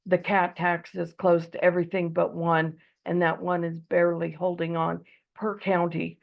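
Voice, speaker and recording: A woman from Eastern Oregon delivers an earnest debate speech over a muffled video call, peppered with ums. Her voice is low and gravelly, and she is losing it. She speaks in an even, flat tone. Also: moderate pace.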